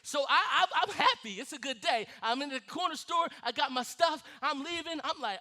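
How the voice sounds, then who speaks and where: A male pastor preaching a sermon, telling a childhood story with lively, laughing, acted-out delivery. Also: very high-pitched, normal speed, hardly any pauses. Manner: animated storytelling, laughing and acting out scenes.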